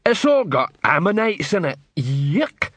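Hulking disgusted troll, put on by a male reader, husky and lively in pitch, close and dry. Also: measured pace, dry recording, full character voice.

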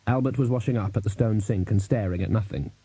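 Male audiobook narrator. Husky, mellow voice, wry, measured delivery, dry close-mic sound. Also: fairly low pitch, no echo. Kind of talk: scripted narration.

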